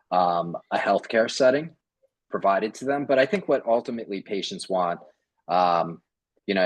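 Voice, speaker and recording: A man's voice: deep voice, dry recording. A man who works as a physician, speaking as a panelist and explaining points in a thoughtful way. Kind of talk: panel discussion.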